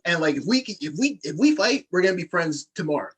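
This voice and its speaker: Rambling laid-back man, slightly high. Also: very animated, quick pace, slightly rough, poor audio. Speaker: podcast host. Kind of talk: casual group chat.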